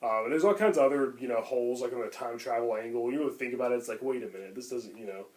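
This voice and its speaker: A man's voice: medium pitch, very fast, darkish tone. A man co-hosting a podcast, talking casually and enthusiastically about films, rambling with lots of fillers. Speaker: podcast co-host. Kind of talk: casual chat.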